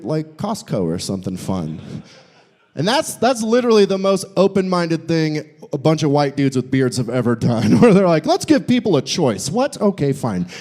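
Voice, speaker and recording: A young man performing a live stand-up set in a brewery, animated and jumping into squeaky voices for his bits. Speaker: stand-up comedian. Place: brewery comedy show.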